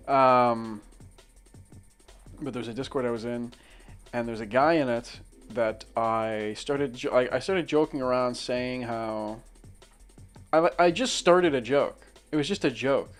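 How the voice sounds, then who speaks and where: Casting: young man, mid-pitched, loose rambling storyteller with crude humor, faint music underneath. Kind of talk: casual chat while drawing.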